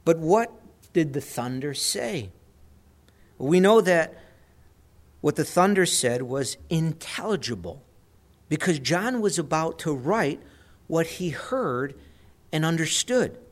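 A man teaching through scripture verse by verse in a measured, reflective manner, repeating phrases for emphasis. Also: a little high, lively intonation. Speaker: Bible teacher.

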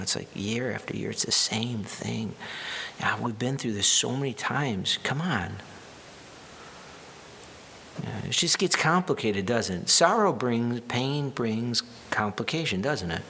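A man's voice: fairly low pitch, gravelly, sharp tone, slight background noise. A man preaching a sermon in a conversational way, with wry asides and restarts. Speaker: pastor.

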